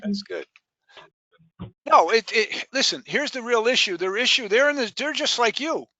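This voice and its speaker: A man with a high, bright voice coaching a group of new sales hires. He talks emphatically and repeats his key points for weight, stopping often to ask questions. The sound is dry and close, with little room. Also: lively intonation, normal speed, no room sound. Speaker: sales trainer. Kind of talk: live sales training session.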